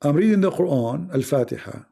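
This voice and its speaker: A man hosts a live online debate, and his voice is gravelly with a dark, mellow tone. He argues in broken English, cuts in often, and repeats phrases to hammer his point home. He speaks into a computer mic on a stream. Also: on the high side, expressive, a little fast. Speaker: debate host.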